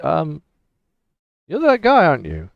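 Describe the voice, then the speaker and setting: A man's voice: a little high, wildly swooping pitch, unhurried, vocal fry, no room sound, voice pushed up, exaggerated voice. A man voicing a quizzical, hesitant wandering male stranger with a German accent, raising his voice well above his own. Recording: dull dry lo-fi recording.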